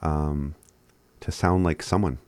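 A man giving a casual language lesson, laid-back and chuckling often as he spells words out slowly. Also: rumbling low, fairly even intonation, a little mellow, no room sound. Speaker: language teacher.

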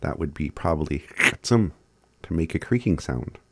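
A man giving a casual language lesson, laid-back and chuckling often as he spells words out slowly. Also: extremely low pitch, expressive, background noise. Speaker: language teacher.

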